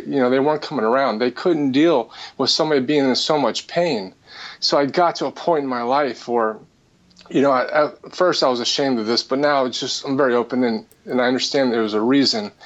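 A man giving an earnest personal testimony as a spiritual healer, speaking haltingly with frequent restarts. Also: mid-range voice, dull audio.

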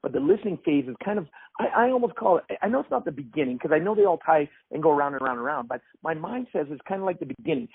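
Lively host on a tinny phone line. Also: male voice, fairly high pitch, rapid-fire, slightly rough. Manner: enthusiastic, sums up and poses questions. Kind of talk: casual interview talk.

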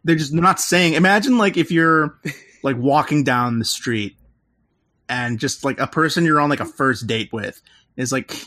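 A man on a casual podcast, walking through a movie's plot scene by scene. He rambles, hedges with filler words and laughs at the absurd bits, speaking at a middle pitch. The sound is close and dry, with no room around it. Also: moderate pace, sharp tone, dry recording. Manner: rambling, heavy with "like" and "um", laughs at his own retelling. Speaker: podcast co-host recapping a film. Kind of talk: casual chat.

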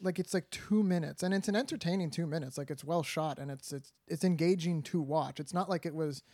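A man's voice: a little high, a little fast, a little mellow, dry recording. A man co-hosting a movie podcast, talking in a laid-back, opinionated way. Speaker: podcast co-host. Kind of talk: casual movie podcast chat.

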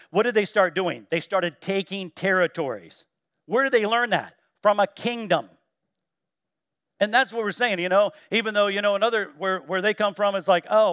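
A high-pitched male pastor delivers an emphatic sermon, rising to loud exclamations and dropping to hushed quotation. The sound is close and dry, with little room echo. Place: church sanctuary.

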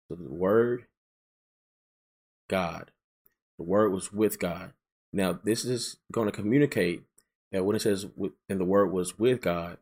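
A man teaching verse by verse through scripture, emphatic and repetitive, slowing down to read passages aloud. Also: low voice, darkish tone. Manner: emphatic, repeats key phrases, slows down to read scripture aloud. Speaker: preacher.

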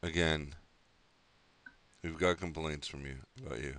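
A man's voice: a bass voice, steady tone, a little slow, fairly bright tone. A man hosting a casual podcast at home, sarcastic and grumbling, swearing often. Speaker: podcast host. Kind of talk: casual chat.

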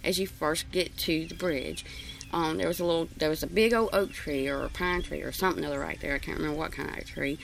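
A woman's voice: low-pitched, steady tone, quick pace, vocal fry, a little hiss or hum. A woman telling a story from her past in a rambling, folksy way, with many fillers. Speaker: interviewee. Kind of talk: casual storytelling.

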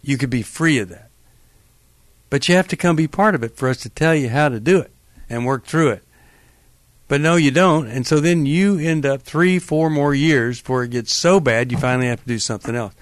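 A man's voice: mid-range voice, brisk, no echo. A male radio talk show host giving earnest, emphatic and empathetic advice to callers in a studio.

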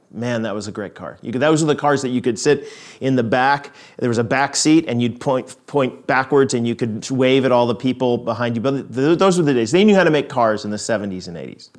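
A middle-aged man preaching a sermon in a conversational, storytelling way, with frequent restarts. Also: mid-range voice. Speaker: pastor.

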